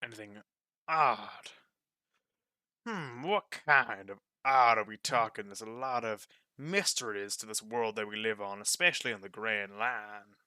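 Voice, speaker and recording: A man voicing a large male gem shop owner who bellows at his worker and speaks smoothly and politely to customers. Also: fairly low pitch, a little slow, bright, forceful tone, dry recording, studio quality. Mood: musing.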